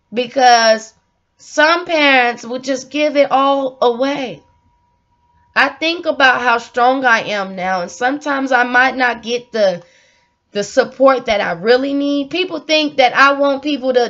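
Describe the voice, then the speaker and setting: Earnest high-voiced woman sharing her story. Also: a bit bright. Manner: earnest, heartfelt, repeats herself for emphasis. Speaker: vlogger. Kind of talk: emotional personal storytelling. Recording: dull lo-fi audio.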